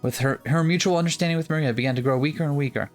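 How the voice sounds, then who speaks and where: A let's-play co-host reading a visual novel's narration aloud, playful and quick to joke between passages. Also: mid-range voice, faint music behind. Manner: playful, breaks into laughter and jokes.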